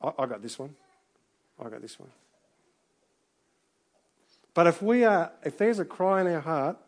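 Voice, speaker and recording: A middle-aged man preaching a sermon in a relaxed, conversational way, full of restarts and asides. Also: a little high. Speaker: pastor.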